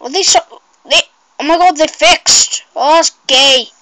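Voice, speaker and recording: A woman giving casual, rambling gameplay commentary, excitable and shrieking at mishaps. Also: sits high, unhurried, no echo, rough recording.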